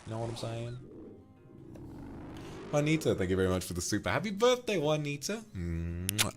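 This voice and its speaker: A man's voice: medium pitch, very animated, moderate pace, pauses often, soft background music. A man streaming, casually chatting and reading out viewer donations in a teasing, affectionate way.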